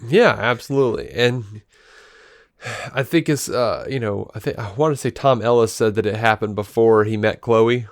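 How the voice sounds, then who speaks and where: Low-voiced man in casual podcast chat. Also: normal speed, no echo, clean studio sound. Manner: rambling, full of restarts. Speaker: podcast co-host.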